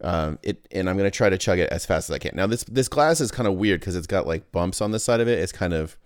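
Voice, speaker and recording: A man's voice: deep voice, expressive, fast talker, smooth, no echo, studio quality. A man hosting his own podcast, talking in a goofy, rambling casual monologue full of restarts. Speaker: podcast host.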